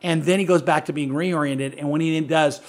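A man's voice: on the high side, steady tone, brisk. A middle-aged man, a pastor, retelling a Bible story in an earnest, conversational way and asking his co-host questions. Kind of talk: conversational preaching.

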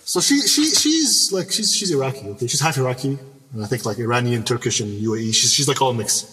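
A man's voice: mid-range voice, fast. A man recounts a personal story to a podcast host, his voice leaping up and down. He stresses words hard and restarts sentences often. The room sounds echoey, with the mic some way off. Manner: animated, emphatic, repeats words and restarts. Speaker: podcast guest. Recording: reverberant room, mic at a distance.

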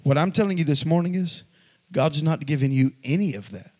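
A man preaching a sermon to a congregation, building to shouted, sing-song peaks and dropping to quiet asides. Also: on the high side, fairly quick. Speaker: pastor. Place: church sanctuary before a congregation.

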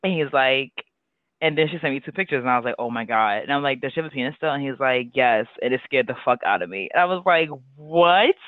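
A man's voice: mid-range voice, expressive, fast talker, no room sound. A man co-hosting a podcast, rambling through a story, laughing and acting out what people said. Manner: rambling, laughing, acts out quotes. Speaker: podcast co-host. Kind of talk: casual storytelling chat. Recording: dry tinny phone-like line.

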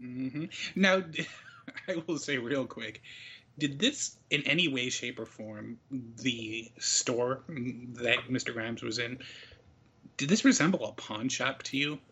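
A man's voice: mid-range voice, takes it slowly, bright, forceful tone, slight background noise. A man co-hosting a podcast, talking casually and wryly, often acting out what people said. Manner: wry, acts out quotes. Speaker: podcast co-host. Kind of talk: casual wrestling recap chat.

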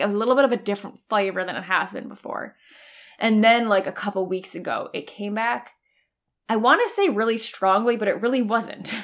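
Woman, thirties, casual storytelling, gravelly fry, lots of "like", candid. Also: medium pitch, a bit bright. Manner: chatty, frequent "like" fillers, candid with swearing and laughs.

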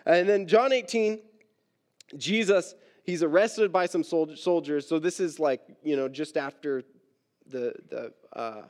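A pastor giving a conversational sermon, casually acting out Bible characters and adding wry, self-deprecating asides. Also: male voice, fairly high pitch, measured pace, a little mellow.

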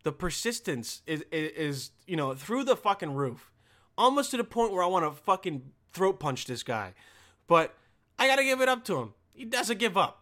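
A man's voice: high-pitched, pushed and bright. A young man who works a motel front desk, telling a rambling, sarcastic work story full of swearing. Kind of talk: casual profane storytelling rant.

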